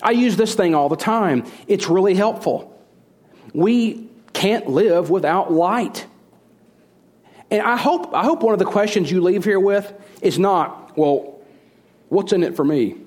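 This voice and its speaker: Middle-aged guy pastor preaching, kinda high voice, repeats stuff for emphasis, asks the crowd questions. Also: expressive, unhurried, a little mellow. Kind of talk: sermon.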